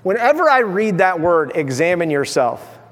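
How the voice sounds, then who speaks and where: A middle-aged man preaching a sermon as pastor, animated and humorous, acting out everyday voices. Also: sits high, moderate pace. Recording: long reverb of a large hall.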